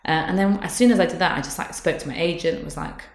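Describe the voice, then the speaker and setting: A woman's voice: lowish voice, very fast, gravelly. A woman in her thirties, chatting candidly and casually, often laughing. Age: 30s. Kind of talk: casual chat. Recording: roomy echo.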